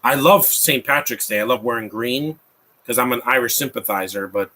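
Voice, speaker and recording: A man's voice: mid-range voice, moderate pace, sharp tone. A man in his thirties giving a rambling, mocking live commentary over a movie, with frequent restarts. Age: 30s. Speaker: film commentator.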